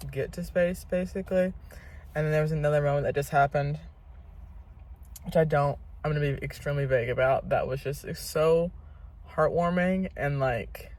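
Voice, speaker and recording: A woman's voice: low voice, a little mellow, poor audio. Chatty young woman book vlogger. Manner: chatty, rambling, many "like" fillers. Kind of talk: casual vlog chat.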